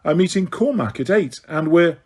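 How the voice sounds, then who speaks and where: A man with a husky voice voicing a clever, prim teenage witch girl in an audiobook reading, crisp and emphatic. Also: on the high side, lively intonation, moderate pace, darkish tone. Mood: sweetly smug.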